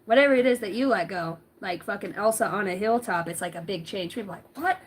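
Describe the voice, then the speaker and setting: A woman's voice: mid-range voice, quick pace, slight background noise. A woman doing a casual livestream tarot reading, giggly and rambling, cussing freely. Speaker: tarot reader.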